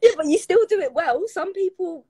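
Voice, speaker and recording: A woman's voice: extremely high pitch, expressive, fairly quick, mellow. A woman hosting a casual interview chat on a livestream, friendly and asking follow-up questions. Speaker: host.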